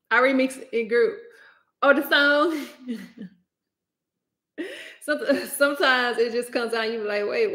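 A woman's voice: on the high side, sharp tone. A young woman hosting a casual livestream, chatty and exclaiming, often laughing, talking into a laptop microphone. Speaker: livestream host.

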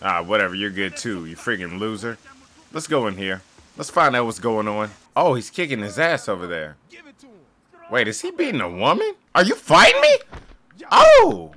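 Young guy doing sarcastic gameplay commentary, bright edgy voice, yells at the screen. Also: on the low side, wildly swooping pitch, normal speed. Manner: sarcastic, jokey, yelling at the game. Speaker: gaming YouTuber.

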